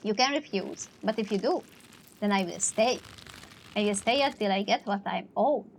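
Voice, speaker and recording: A woman voicing a vengeful old male ghost who demands years of life, read slowly and gravely. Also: medium pitch, slight background noise, close to an everyday voice.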